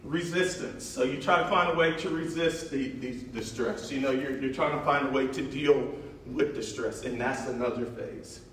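A man's voice: mid-range voice, normal speed, a bit bright. A man giving a casual, chatty talk with slides, using plenty of fillers and laughing often. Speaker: presenter. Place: large echoey room. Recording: echoey room from far off, faint noise.

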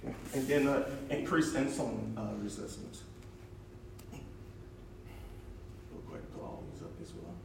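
In a big room full of echo, recorded from afar with faint noise, a man gives an informal slide presentation. His mid-range voice is expressive and a little slow with frequent pauses, and he laughs a lot and uses many fillers.

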